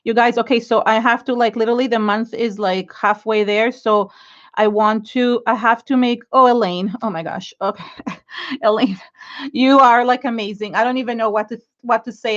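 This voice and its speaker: A woman's voice: fairly high pitch, steady tone, moderate pace, muffled recording. A middle-aged woman hosting an art journaling livestream, chatting casually and gushing with thanks to viewers, teary and close to crying. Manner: gushing, emotional, thanks viewers and keeps restarting sentences. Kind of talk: casual livestream chat while crafting.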